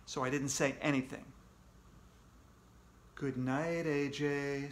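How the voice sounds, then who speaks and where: A man, a children's author, reading his book aloud to kids with slow, expressive storytelling. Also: medium pitch.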